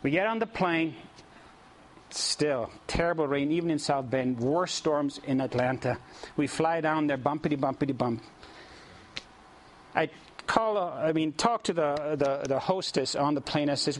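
A male preacher with a fairly high voice tells a lively story to his listeners, chuckling often and turning to ask them questions. His delivery is animated and conversational. A faint hum of room noise sits behind him. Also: normal speed. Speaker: preacher leading mission trips. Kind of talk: storytelling sermon.

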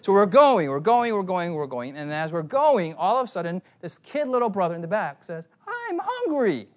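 A man preaching a sermon, telling stories in an animated way and putting questions to the congregation. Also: high-pitched, fairly quick. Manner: animated storytelling, asks the crowd questions.

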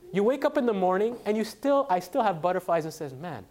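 A man who preaches and works as a literature evangelist gives a sermon built around a personal story, speaking conversationally with lots of fillers and self-corrections. His high, darkish voice moves quickly with lively intonation. He drops nearly to a whisper for quoted lines and rises to drive a point home.

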